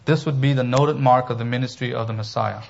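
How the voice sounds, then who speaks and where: A man preaching an expository sermon as pastor, emphatic and animated, with humorous asides. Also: mid-range voice, fairly quick, gravelly, highs cut off.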